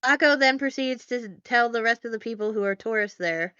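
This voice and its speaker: A woman's voice: fairly high pitch, fairly quick, hardly any pauses, pushed and bright, clean tone, dry recording, dull audio. Rambling woman recapping a movie. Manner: rambling, filler-heavy, wry. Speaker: podcast co-host.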